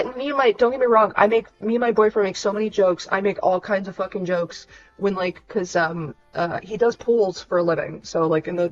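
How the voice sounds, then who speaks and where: A woman's voice: mid-range voice, lo-fi sound. A young woman, venting frankly and swearing freely on a casual livestream. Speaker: streamer.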